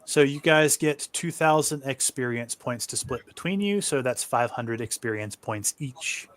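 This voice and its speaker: A man's voice: mid-range voice, unhurried, a bit bright, slight background noise. A man narrating as game master for an online tabletop game in a laid-back, easygoing way. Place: home setup, online stream.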